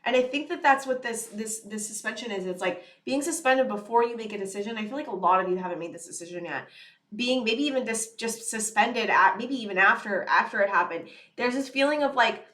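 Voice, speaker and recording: A young woman talks through a tarot reading in an earnest, rambling way, leaning on fillers as she speaks to her viewers. Her voice sits a little high, and the room around her is echoey. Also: brisk, fairly bright tone. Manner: earnest, rambling, many fillers like "you know" and "it's like". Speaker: tarot reader. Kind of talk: casual channeled tarot reading to camera.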